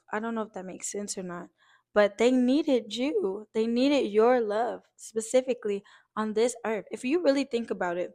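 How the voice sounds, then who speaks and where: A woman's voice: fairly high pitch, a little mellow. A young woman speaks straight to her viewers in a heartfelt, casual vlog. She sounds earnest and emotional, like she is holding back tears. Her talk is loose and chatty, full of "like" and the odd swear word. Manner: casual, uses fillers like "like" and swears lightly. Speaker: vlogger.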